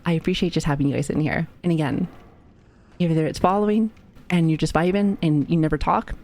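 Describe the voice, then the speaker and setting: A woman's voice: low-pitched, fairly quick, a little mellow. A woman streaming live and chatting casually with her viewers, swearing freely and laughing often, who says she has been sick lately. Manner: profane, joking, laughs often. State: recovering from illness.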